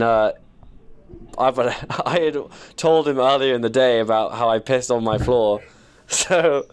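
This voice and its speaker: A man's voice: mid-range voice, clear, resonant tone. A young man in his twenties, casual chat as podcast co-host, telling rambling self-deprecating stories with many restarts.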